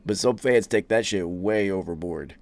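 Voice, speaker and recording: A man's voice: low-pitched, moderate pace, darkish tone. A young man hosting a podcast, telling profane, rambling anecdotes in a casual chat. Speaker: podcast host. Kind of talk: casual storytelling.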